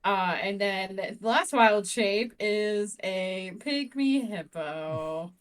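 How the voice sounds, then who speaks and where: A woman's voice: medium pitch, extremely slow, smooth. Bubbly woman playing a tabletop game. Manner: bubbly, hesitant, many fillers. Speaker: player. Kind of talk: tabletop role-play chat.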